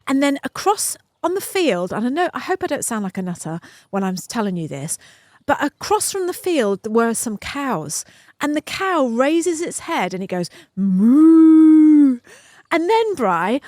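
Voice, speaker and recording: A woman's voice: sits high, no echo, studio quality. A middle-aged woman co-hosting a casual podcast, telling stories in an effusive, emotional way, recorded outdoors at home. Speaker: podcast co-host.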